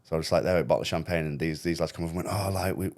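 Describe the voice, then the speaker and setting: Fast-talking young man. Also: low-pitched. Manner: swearing, animated storytelling with quoted voices. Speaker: podcast host. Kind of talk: casual chat.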